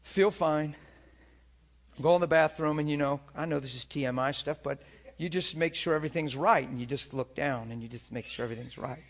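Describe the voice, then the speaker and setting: A man's voice: on the high side, a little fast. A middle-aged man preaching a storytelling sermon, acting out voices and crying out in places. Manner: animated, acts out voices and cries out.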